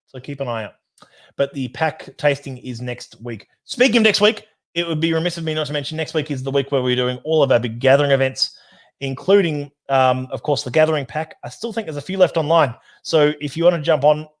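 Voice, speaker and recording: A man hosting a casual whisky livestream, chatting loosely, reading out viewer comments and laughing easily. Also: medium pitch. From Australia. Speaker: whisky society host.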